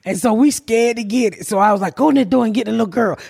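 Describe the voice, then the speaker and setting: A woman hosting a podcast, telling profane, animated comedic stories and acting out the people in them. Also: a little high, quick pace, vocal fry, breathy edge. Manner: profane, animated, acts out voices in quotes. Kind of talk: casual comedic storytelling.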